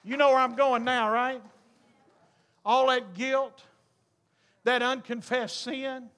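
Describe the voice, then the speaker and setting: A man preaching a sermon, telling a story with humor and rising to fervent, shouted appeals. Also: very high voice, slow.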